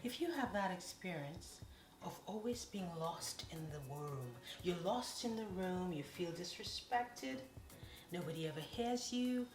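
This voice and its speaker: A woman's voice: lowish voice, lively intonation, a little slow, slight background noise. A woman giving a motivational talk straight to the camera, coaxing and playful, calling her viewers darlings and honey. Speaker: motivational vlogger. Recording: echoey room with faint music.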